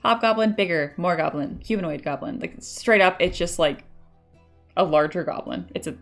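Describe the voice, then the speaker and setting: A woman's voice: lowish voice, moderate pace, soft background music. A woman chatting casually on a live stream while she sculpts, laughing often and reading viewer comments aloud. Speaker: 3D sculptor streaming her work.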